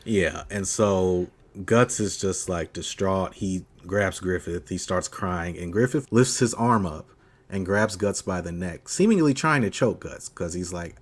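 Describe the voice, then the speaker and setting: A man's voice: deep voice, measured pace. A man co-hosting a casual podcast, animatedly recapping a story, acting out the characters' lines in funny voices, swearing and laughing along. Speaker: podcast co-host. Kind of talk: casual chat recapping an anime.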